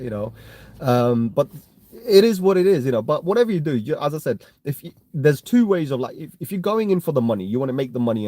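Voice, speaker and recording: A man's voice: mid-range voice, mellow, no room sound. A man with a London accent chatting casually on a live stream, answering viewer comments in a rambling way and often tagging on "right?" and "you know what I mean". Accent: London English. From London, England. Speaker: crypto live-stream host.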